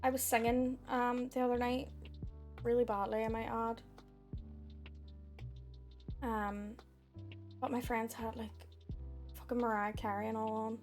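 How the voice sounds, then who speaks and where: A woman's voice: a little high, flat delivery, measured pace, pauses often, faint music behind. A woman, chatting casually on a live stream while reading oracle cards, giggly and swearing, with a sore throat.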